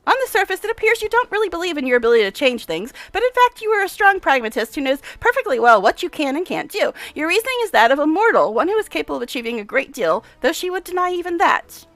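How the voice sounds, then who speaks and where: A woman reading aloud the lines of an eccentric, excitable female scholar obsessed with science, in a brisk, lecturing tone. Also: high voice, no room sound, heavily acted. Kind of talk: reading game dialogue aloud.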